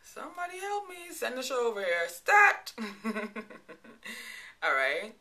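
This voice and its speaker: A woman's voice: a little high, big pitch swings, unhurried, pushed and bright. A woman in her thirties with a Virgin Islands accent, chatting playfully to camera and laughing often. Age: 30s. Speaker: vlogger. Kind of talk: casual chat to camera.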